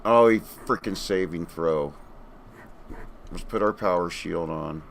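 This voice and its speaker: A man's voice: sits low, slow pace, vocal fry, very noisy. A man casually commenting as he streams a video game from home, laid-back and chatty, talking to himself.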